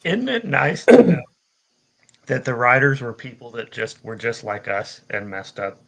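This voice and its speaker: A man's voice: medium pitch, creaky, poor audio. Chatty man joining a class discussion. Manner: chatty, quick to joke and interject. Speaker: student in live class. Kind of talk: casual chat in class.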